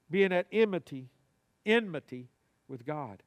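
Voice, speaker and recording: In a church sanctuary, a male pastor preaches a sermon at a moderate pace. His voice is high for a man, and his folksy, animated style often invites the congregation to respond.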